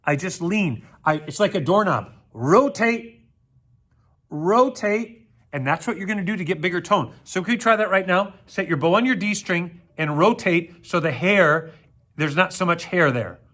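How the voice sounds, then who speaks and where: This man's voice sits high and comes across pushed and bright at a normal speed. Giving a video orchestra lesson to children, he counts out loud, cracks jokes and tosses playful asides to the kids while plucking string instruments to demonstrate.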